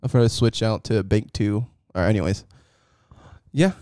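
A man's voice: lowish voice, normal speed, dark tone, smooth, no room sound. Young male podcast co-host, loose and jokey, dry close mic. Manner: joking, laughs often, tries impressions. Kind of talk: casual chat.

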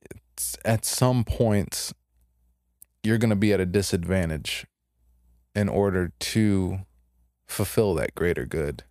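Young man, podcast co-host, very low voice, dry close sound, laid-back retelling. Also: slow, pauses often, darkish tone, dry recording. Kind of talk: casual podcast chat.

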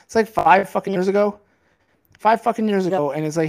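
On a podcast being filmed, a worked-up man with a slightly high voice rants at a fairly quick clip, swearing freely and talking over his co-host. His tone is casual and heated rather than calm.

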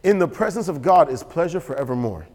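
A man preaching a sermon as pastor, animated and storytelling. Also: fairly high pitch, quick pace. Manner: animated, storytelling with quoted voices and laughter. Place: church sanctuary. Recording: church hall with long reverb.

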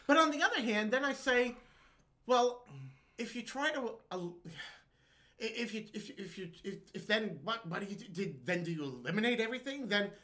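Podcast cohost guy, super bright voice, stumbles and restarts, lots of mm-hmms. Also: high voice, lively intonation, normal speed. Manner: hesitant, stumbles and restarts, many agreeing murmurs. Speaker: podcast co-host. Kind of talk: casual chat.

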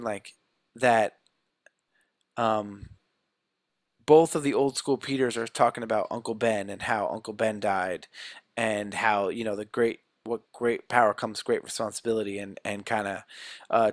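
A man casually retelling a movie plot in an animated way, often saying "like.". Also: fairly low pitch, a little slow, dry recording, clean studio sound. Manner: animated storytelling, many "like"s.

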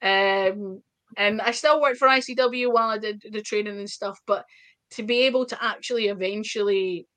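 A woman with a Scottish accent, a wrestler telling stories in a casual interview, chatty and full of quick asides. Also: medium pitch, fairly bright tone. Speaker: wrestler guest.

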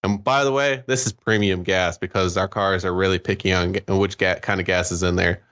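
A man co-hosts a casual podcast with animated, exclaiming energy and some swearing. His voice sits low, with a bright, forceful edge to it. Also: fairly quick. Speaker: podcast co-host. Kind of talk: casual chat.

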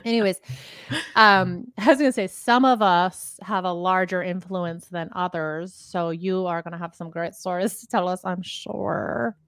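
A woman's voice: lowish voice, steady tone, unhurried, fairly bright tone, clean tone, no room sound, studio quality. A woman co-hosting a faith podcast, chatty and easygoing, sometimes hunting for the right word. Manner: chatty, searches for words, laughs easily. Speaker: podcast co-host. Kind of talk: casual podcast chat.

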